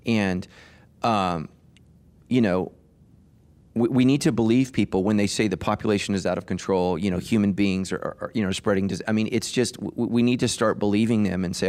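A man's voice: lowish voice, fairly even intonation, fairly quick, a little mellow. A middle-aged man, a pastor hosting a podcast, talking emphatically in a casual discussion, with frequent restarts.

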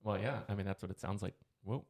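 A man's voice: on the low side, fast, a little mellow, no echo. A man co-hosting a podcast in an easygoing casual chat, trailing off as he talks. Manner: easygoing, trails off, laughs along. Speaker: podcast co-host.

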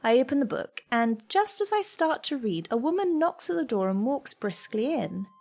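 A woman narrates a first-person story in a soft, measured, reflective voice. She sits a little higher in pitch than most women and keeps an even, unhurried delivery. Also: gravelly.

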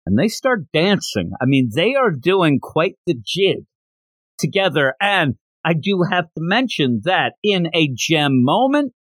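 A man hosting a podcast, casually recapping a manga chapter in an animated way and slipping into quick character voices. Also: a little high, no echo. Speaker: podcast host.

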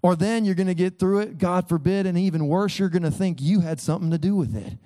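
A pastor in his thirties preaches a sermon in a church sanctuary, his high-pitched, mellow voice moving at a quick pace. He is earnest and conversational, often urging listeners to listen.

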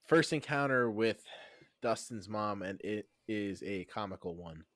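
Male co-host from New Jersey, lower voice, dry mic, teasing recapper. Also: expressive, measured pace, fairly bright tone, no room sound. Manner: teasing, recaps scenes at length. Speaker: podcast co-host. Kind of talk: casual TV recap chat.

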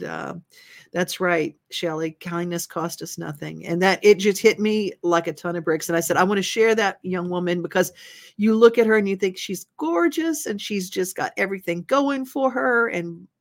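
Local talk host, earnest, a bit of vocal fry, mid pitch. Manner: earnest, slows down to stress points. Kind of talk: local talk show segment.

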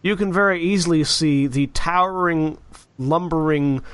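A man running a tabletop game as game master, describing scenes in an unhurried, descriptive way. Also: a little high, a bit bright, smooth, no echo.

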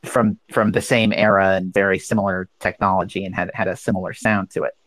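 A man explaining software and speech synthesis history in a casual technical chat, with many ums and uhs. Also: low voice, flat delivery, brisk, no room sound. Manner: hesitant, full of ums and uhs. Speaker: guest speaker.

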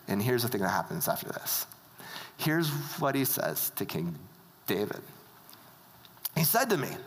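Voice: medium pitch, sing-song, measured pace, a bit bright. A preacher giving a casual, conversational sermon, often turning to the audience with questions. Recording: long hall reverb.

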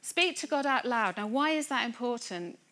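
A woman's voice: fairly high pitch, moderate pace. Earnest woman preaching a sermon. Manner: earnest, rising to excited emphasis. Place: church gathering room.

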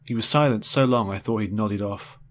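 A man's voice: fairly low pitch, a little fast. A man narrating a first-person story in a wry, dry, understated way.

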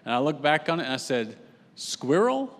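Casting: British-born man, late 40s, guest preacher, mid-pitched voice, talking with an easy storytelling warmth; church hall reverb trailing behind. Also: fast. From Britain. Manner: chatty, self-deprecating storytelling with restarts. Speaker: guest pastor. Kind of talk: sermon introduction. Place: church sanctuary.

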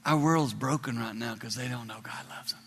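A man in his sixties preaching a sermon to a congregation, emotional, dropping to hushed whispers and rising to high cries. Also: a little fast, breathy edge, long reverb tail. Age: 60s. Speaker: traveling preacher. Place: large hall with a live congregation.

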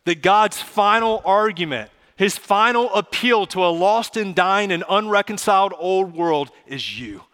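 A man preaching a sermon as pastor, earnest and pleading, slowing down for emphasis. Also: high-pitched, expressive, a bit bright. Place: church sanctuary. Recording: long church hall reverb.

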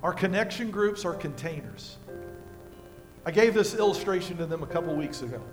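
An older American pastor preaches in a high-pitched voice, telling homey stories and moving from hushed moments to loud peaks. Music plays clearly behind his sermon. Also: animated, normal speed. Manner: folksy storytelling with props, swinging from quiet to loud.

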